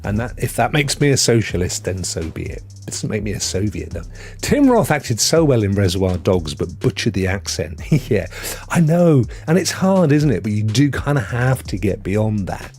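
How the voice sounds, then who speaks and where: Guy on his stream, low-ish voice, goes up and down a lot, chatting to the chat with a bit of music behind. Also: sing-song, moderate pace, a little mellow. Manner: chatty, replies to viewers in the chat. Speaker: streaming host. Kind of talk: casual live-stream chat.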